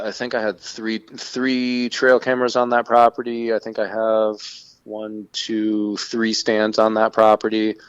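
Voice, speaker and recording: A man co-hosting a podcast, telling a casual, profane story in an animated way. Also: on the low side, clear, resonant tone, no room sound. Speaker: podcast co-host. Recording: dull lo-fi sound.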